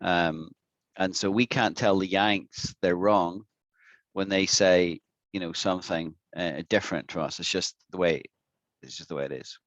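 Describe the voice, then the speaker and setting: A man with an Irish accent leads an online English class, slowly repeating each word so his students can copy it. His voice sits on the low side and sounds close and dry. The call audio is a little dull. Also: steady tone, a bit bright, no room sound. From Ireland. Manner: patient, repeats words slowly to demonstrate. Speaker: English teacher. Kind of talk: online language lesson. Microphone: video call.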